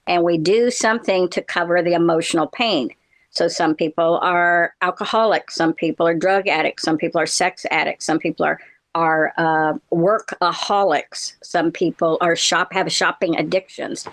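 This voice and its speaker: A woman's voice: on the low side, fairly even intonation, normal speed. A middle-aged woman, a therapist co-hosting a podcast, chatting playfully and explaining things at length. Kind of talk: casual chat.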